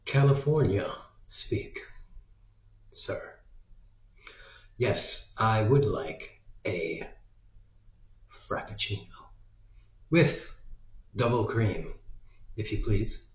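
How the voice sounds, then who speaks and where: A man's voice: on the low side, animated, very slow, long pauses. A man putting on a fussy, snobbish café customer who orders with prim over-formality. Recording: dull lo-fi sound in an echoey room.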